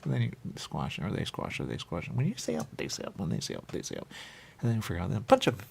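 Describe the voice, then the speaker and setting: A man's voice: sits low, wildly swooping pitch, racing, gravelly, a little mellow, slightly rough. A man hosting a talk show, rambling playfully with sing-song repetitions and riffs. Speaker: radio show host.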